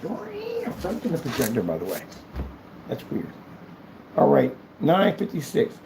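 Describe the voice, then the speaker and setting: A man's voice: a little high, huge pitch swings, a little slow, creaky, long pauses, noisy background. A man who runs a small business, talking casually and rambling as he works on a livestream, thinking aloud and mocking his critics. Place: indoor business premises.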